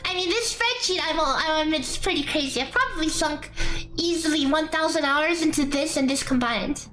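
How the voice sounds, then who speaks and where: A woman with a high, bright voice talks slowly through a game calculator on a casual live stream. She rambles in a chatty way, tossing in playful asides. Soft background music plays under her. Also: poor audio. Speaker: streamer explaining a damage calculator. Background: faint background music.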